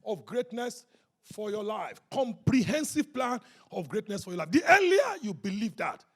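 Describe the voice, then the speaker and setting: A pastor preaching a rousing sermon at a church service, calling out to the congregation and often shouting. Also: male voice, sits high, very animated, moderate pace, creaky.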